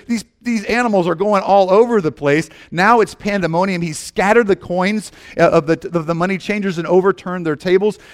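A middle-aged man preaching a sermon, telling the story in a lively way and often restarting his sentences. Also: fairly high pitch. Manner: animated storytelling with frequent restarts. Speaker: pastor.

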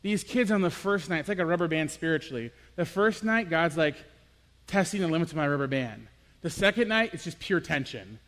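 A young man with a high, light voice preaches a personal, confessional sermon, shifting from hushed reflection to animated storytelling. His voice carries a long reverb, as if in a large hall. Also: fairly quick. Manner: earnest, confessional, swings from quiet to animated.

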